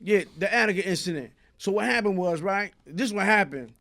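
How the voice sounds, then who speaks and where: A high-voiced, animated man from Brooklyn, New York tells a story briskly as a guest in a casual interview. In a street-storyteller style, he acts out the voices and keeps asking "you heard?"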